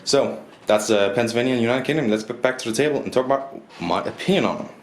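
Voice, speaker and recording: A man's voice: medium pitch, fast talker, reverberant, a little hiss or hum. A man from Denmark reviewing a board game, talking casually and rambling, often repeating and correcting himself. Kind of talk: casual review with rules walkthrough.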